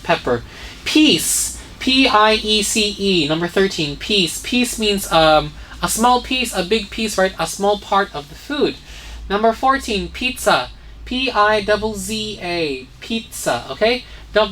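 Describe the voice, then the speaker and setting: An English teacher with a mid-range, slightly bright voice leads a vocabulary lesson for young learners. She spells each word out letter by letter and checks in with "okay?" and "right?"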